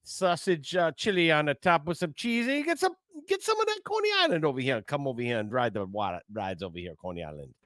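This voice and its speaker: A man voicing a brash hawker with a put-on New Jersey accent, pushy and loud like a street barker. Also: a little high, very animated, fast talker, hardly any pauses, no echo, clean studio sound, pitched above the performer's own voice. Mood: hawking.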